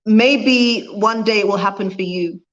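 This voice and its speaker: A woman's voice: medium pitch, measured pace, muffled recording. A woman vlogger talking fervently on a livestream, repeating her points for emphasis and reading out viewer comments. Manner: reads viewer comments aloud. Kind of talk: impassioned livestream talk.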